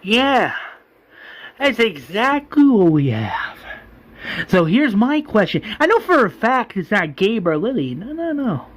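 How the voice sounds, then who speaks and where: A man voicing a furious male militia leader who yells and swears. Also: high-pitched, lively intonation, slow, pauses often. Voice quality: yelling, swearing.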